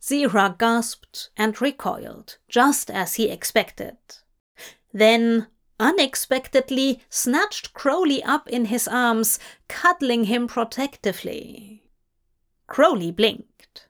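Woman reading fanfic audiobook, slow n deliberate, a bit high voice. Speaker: narrator.

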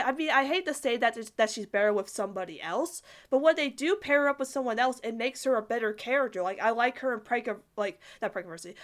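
A woman's voice: fairly high pitch, a bit bright. A woman giving a casual, enthusiastic spoken review of a cartoon episode, filling her talk with "like" and restarts. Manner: chatty, heavy use of "like", frequent restarts; enthusiastic, breaks into laughter.

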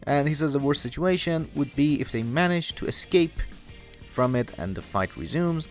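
A man's voice: on the high side, animated, normal speed, faint music behind. A young man casually recapping a story, rambling with lots of fillers and chuckling at the plot. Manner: rambling, heavy "you know" fillers, laughs at the story. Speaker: anime recap commentator.

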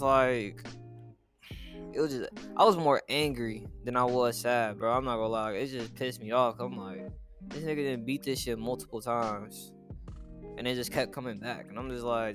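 A young man talks through a painful memory in a loose, halting ramble, restarting his sentences and swearing freely. His voice sits at an ordinary middle pitch and often sinks quieter as he trails off. Soft guitar music plays faintly behind him. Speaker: vlogger telling a personal story. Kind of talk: casual storytelling monologue.

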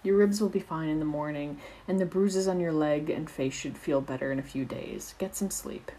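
Woman doing a brisk fussing school nurse. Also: low-pitched, warm tone, a little hiss or hum, natural voice, poor audio. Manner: brisk, exclaiming, scolding.

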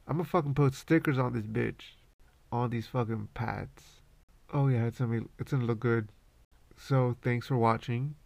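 A man's voice: mid-range voice, vocal fry, darkish tone, no echo. A man hosting a podcast, rambling casually and swearing constantly in a laid-back way. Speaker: podcast host.

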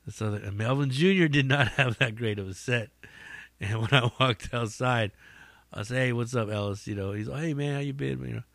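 Bright-voiced cursing comic telling stories. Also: male voice, medium pitch, brisk, creaky, no room sound. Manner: profane, rambling, laughs at own stories. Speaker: podcast host and stand-up comic. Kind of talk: casual storytelling monologue.

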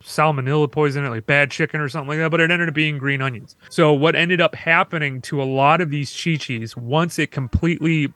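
Bright-voiced man telling stories quickly. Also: a little high, steady tone, dry recording. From Michigan. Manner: fast storytelling with laughs and asides. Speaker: podcast co-host. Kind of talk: casual podcast chat.

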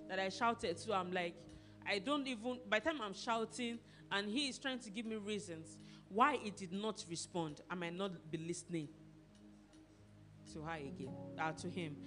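Animated woman pastor preaching over music. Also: mid-range voice. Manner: animated, acts out quarrels and asks the congregation questions. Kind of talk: sermon.

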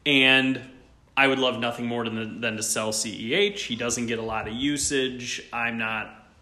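A man's voice: mid-range voice, steady tone, unhurried, bright, forceful tone. A man co-hosting a podcast in casual chat, upbeat and eager, stopping and restarting as he talks. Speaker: podcast co-host.

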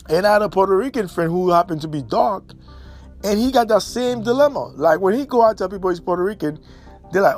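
Blunt high-voiced man, faint music. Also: lively intonation, brisk. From Haiti. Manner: blunt, emphatic, repeats himself for stress. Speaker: commentator. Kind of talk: casual monologue. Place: New York and elsewhere in the States.

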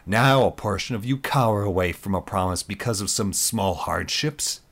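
A man reading aloud, voicing an unbalanced, manipulative male commander who speaks in forceful, declamatory speeches. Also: lowish voice, normal speed. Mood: scornful.

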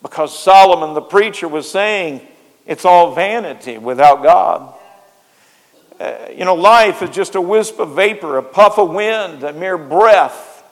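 Male pastor preaching sunday sermon, goes soft then loud, big church reverb. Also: sits high, unhurried, few pauses. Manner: repeats phrases for emphasis, swings between soft and loud. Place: church sanctuary. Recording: long hall reverb.

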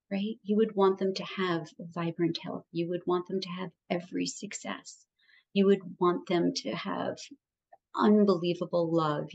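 A woman's voice: lowish voice, a little mellow. A woman guest on a podcast, talking in an earnest, emphatic and encouraging way about self-worth. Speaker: podcast guest, wellness coach. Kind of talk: conversational interview.

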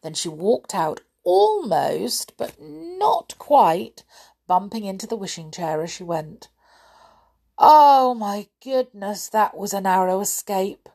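A woman narrating a children's storybook in an expressive, animated way. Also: medium pitch, slow pace, creaky.

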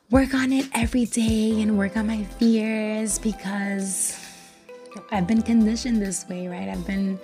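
A woman's voice: mid-range voice, darkish tone. A woman hosting a solo podcast, talking frankly and confidingly, swearing casually and quoting her own self-talk. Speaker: podcast host. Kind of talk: candid solo podcast monologue.

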